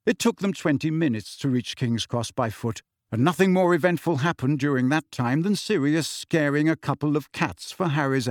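A man giving expressive audiobook narration in a steady storytelling manner. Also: mid-range voice, no room sound, clean studio sound. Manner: steady storytelling with shifting character voices.

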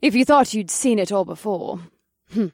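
Male narrator playing a sly headmistress, high, measured, knowing. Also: no room sound, clean studio sound. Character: sly commanding older headmistress woman.

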